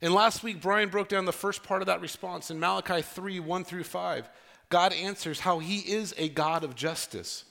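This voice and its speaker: A man preaching a sermon as pastor, earnest and conversational, with dramatic pauses. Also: sits high, vocal fry, pushed and bright.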